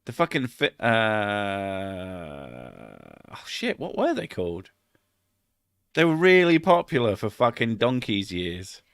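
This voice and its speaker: A man's voice: fairly low pitch, big pitch swings, slow pace, long pauses, fairly bright tone, clean tone, no echo, clean studio sound. A middle-aged British man chatting casually on a live stream, rambling, swearing a lot and laughing at his own jokes.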